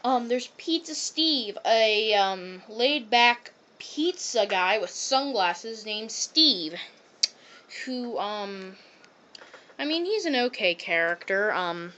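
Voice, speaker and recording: A high-pitched woman rants about a cartoon in a casual, rambling way. She strings thoughts together with constant "um"s and "like"s as she reviews. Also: expressive, slow, a bit bright. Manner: rambling, heavy on fillers like "um" and "like".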